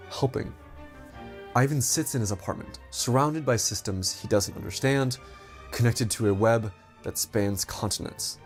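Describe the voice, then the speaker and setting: A man's voice: medium pitch, vocal fry, darkish tone. A man reading a scripted story in a dramatic narrating manner.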